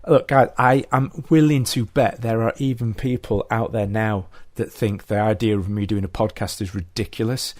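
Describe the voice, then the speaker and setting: A man's voice: fairly low pitch, steady tone, normal speed, few pauses, a little mellow, dry recording, studio quality. A man hosting a podcast, upbeat and encouraging as he chats with his guest and wraps up the show. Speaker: podcast host. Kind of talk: casual chat.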